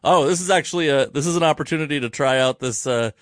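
A man hosting a casual podcast chat, telling a story in an animated, profane way. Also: fairly high pitch, fast talker, no echo, studio quality. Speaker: podcast host.

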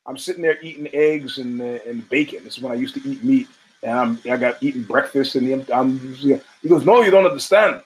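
Over poor audio, a man hosting a podcast delivers a swear-laden, casual string of stories, imitating whoever he's quoting. His voice sits in the mid-range, with fairly even intonation and a brisk pace.

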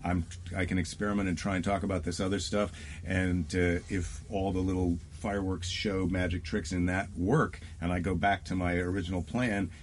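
A man's voice: low-pitched, flat delivery, moderate pace, a little hiss or hum. A man who is a stand-up comedian, chatting casually and acting out quoted lines as he tells stories. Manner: storytelling, acts out quoted lines. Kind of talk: casual chat.

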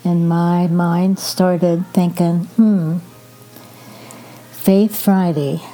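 An older woman reads scripture aloud with a very dark, mellow tone, slightly low in pitch. She moves slowly and gently, pausing between phrases as she reflects in a devotional style. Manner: slow, gentle, measured reading with pauses. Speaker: podcast host reading scripture.

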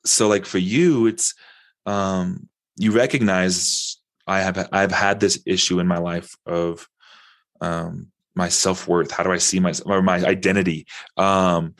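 A man hosting a podcast, asking a question haltingly with many fillers. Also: low voice, fairly even intonation, dry recording. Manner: halting, searching for words with fillers. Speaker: podcast host. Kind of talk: podcast interview.

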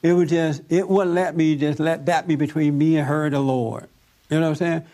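A man leading a group talk, telling a story in a lively way and laughing often. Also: on the high side, fairly quick. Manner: animated, laughs often, acts out other voices. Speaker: discussion group leader.

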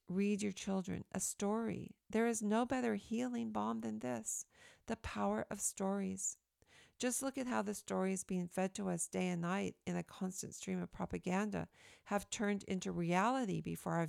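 A woman reading her own opinion essay aloud in an earnest, emphatic, steady way, recorded close to the mic. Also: medium pitch, creaky, dry recording.

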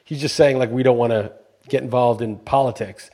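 A man's voice: medium pitch, steady tone, a little fast, warm tone, slightly rough. A man co-hosting a casual podcast chat, blunt and profane, working himself into heated rants. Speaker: podcast co-host.

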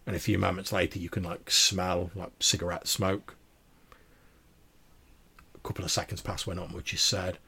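A man narrates a tabletop role-playing game in a loose, descriptive style. His voice is deep and gravelly, with a husky edge. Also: little pitch movement, normal speed, pauses often, pushed and bright. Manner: casual, descriptive with fillers. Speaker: game master.

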